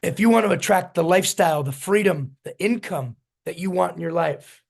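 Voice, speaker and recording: A man's voice: sits high, fairly quick, creaky. A man coaching a business team in a storytelling motivational talk, repeating his key points with emphasis. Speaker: business mentor.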